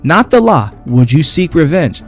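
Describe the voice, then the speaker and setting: Vengeful comic-book gunslinger, gruff street slang, read by a man, fairly high voice. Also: big pitch swings, normal speed, soft background music. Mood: firm.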